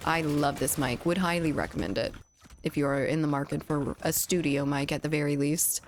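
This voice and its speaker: A woman's voice: low voice, fairly quick, slight background noise. A young woman from the United States chatting on a gaming livestream, reading chat and laughing often, on a studio mic at home. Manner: chatty, giggly, reads chat aloud. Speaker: streamer. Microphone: studio condenser mic.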